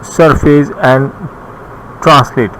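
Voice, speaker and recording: A man with a Bangladeshi English accent teaching a recorded computer lesson, reading his notes slowly with pauses and some restarts. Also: mid-range voice, steady tone, fairly bright tone, low-quality recording. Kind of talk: recorded classroom lecture. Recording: faint background noise.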